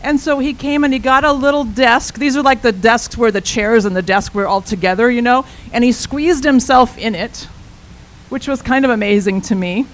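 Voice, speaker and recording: A woman, an intern minister, telling a personal story as a sermon in an animated, conversational way. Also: a little high, normal speed, rough recording.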